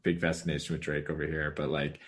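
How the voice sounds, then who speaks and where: A man's voice: a bass voice, little pitch movement, fast talker, a bit bright. A young man co-hosting a podcast, rambling casually with lots of filler words and frequent chuckles. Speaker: podcast co-host. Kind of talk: casual chat.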